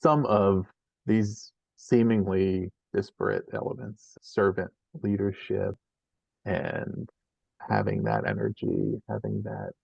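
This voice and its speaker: Gravelly man thinking aloud, muffled audio. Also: low voice, a little mellow, no echo. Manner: reflective, thinks aloud in long winding sentences. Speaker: podcast host. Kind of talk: conversational interview.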